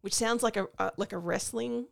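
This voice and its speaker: A woman's voice: a little high, normal speed, creaky. An Australian woman recapping a film in a wry, casual podcast chat. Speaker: podcast co-host.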